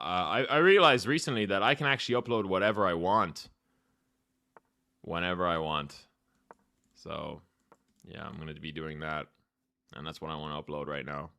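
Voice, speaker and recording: Young man, casual streamer chat, low pitch, clear resonant tone, desk mic, typing behind. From Ireland. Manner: laid-back, reads chat aloud, thinks out loud. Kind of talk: casual live-stream chat while playing chess.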